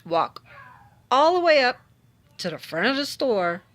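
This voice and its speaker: Animated, wry woman telling a story. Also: on the high side, unhurried. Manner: animated, dramatic retelling with voiced quotes; wry and exasperated. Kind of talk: casual story-time monologue.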